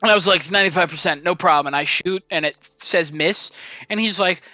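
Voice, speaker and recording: A young podcast co-host casually tells a funny story about his video game, acting out quotes and laughing often. He talks fairly quickly in a sharp, high-sitting voice; the recording is rough but has no echo.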